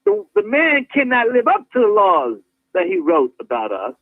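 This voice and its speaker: A man's voice: high-pitched, huge pitch swings, moderate pace, dry recording. Guy preaching over a tinny dry phone line, acts out scenes, laughs a lot. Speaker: guest activist. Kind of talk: impassioned talk-show preaching. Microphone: phone call.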